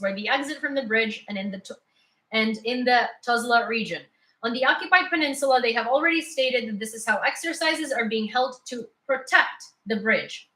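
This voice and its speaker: A woman's voice: on the high side, sharp tone. Opinionated woman news host, echoey room. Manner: opinionated, sarcastic, laughs often. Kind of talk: casual live news commentary.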